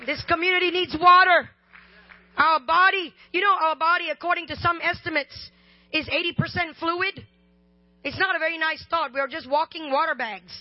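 A woman preaching a sermon, chatting and joking before rising into loud, slow shouted lines. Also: very high voice. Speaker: guest preacher. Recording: slightly dull, dry sound.

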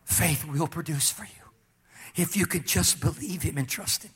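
A pastor preaching, telling a personal story and pressing key lines with slow, emphatic rises. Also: male voice, fairly high pitch, fairly bright tone, breathy edge. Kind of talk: sermon testimony.

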